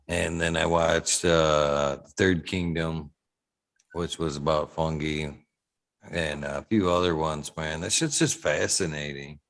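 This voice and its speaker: A man hosting a casual podcast chat, laid-back, laughing often and swearing freely. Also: low-pitched.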